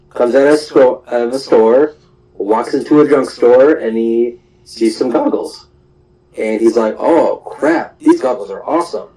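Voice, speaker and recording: A man's voice: medium pitch, mellow, rough recording. A young man hosting a show, casually recapping anime episodes in a rambling way full of fillers and small laughs.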